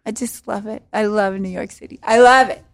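A woman's voice: medium pitch, steady tone, vocal fry. A woman hosting a podcast, a dermatologist, talking in a chatty, playful, teasing way. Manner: chatty, playful, quick to tease. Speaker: podcast host. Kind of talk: casual chat.

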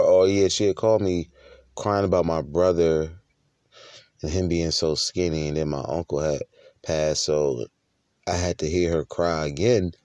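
A man with a very low voice recounts his own story candidly in a loose, conversational monologue, often restarting his sentences. The sound is dry and close. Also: smooth, no echo. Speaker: husband and father.

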